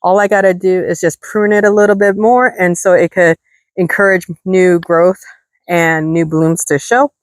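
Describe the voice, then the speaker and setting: A woman's voice: fairly low pitch, level tone, normal speed, dry recording. A woman vlogging in her garden, chatty and enthusiastic as she talks to viewers, out of breath from the heat. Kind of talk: casual gardening vlog. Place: outdoor desert garden.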